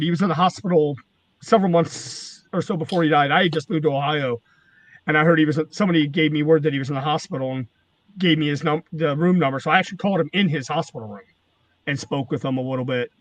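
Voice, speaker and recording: A man's voice: fairly high pitch, brisk, no echo. A man, a former wrestling manager, telling rambling, profane stories in casual chat. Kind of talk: casual storytelling.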